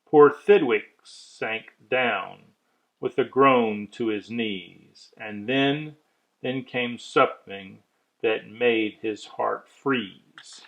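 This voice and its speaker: A man reading a rhyming children's story aloud with measured, expressive delivery. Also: mid-range voice, vocal fry, poor audio.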